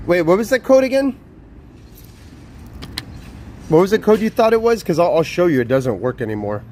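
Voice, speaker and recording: Young guy streaming outside, swearing and ranting over and over, high voice that swings all over. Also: animated, fast talker, a little mellow, slight background noise. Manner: profane, exasperated, repetitive ranting. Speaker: live streamer. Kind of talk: casual live stream talk.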